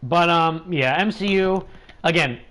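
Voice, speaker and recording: A man's voice: on the high side, measured pace, a bit bright. A man hosting a gaming livestream, talking in a chatty, rambling way with lots of fillers. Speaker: livestream host.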